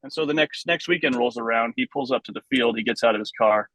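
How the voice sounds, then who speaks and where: A man speaks at an ordinary middle pitch, taking his time over explanations and anecdotes. He fills his pauses with frequent ums and uhs. The sound is dry and close, with no room around it. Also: fairly bright tone, dry recording, low-quality recording. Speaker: vintage base ball club member, guest. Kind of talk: casual podcast storytelling.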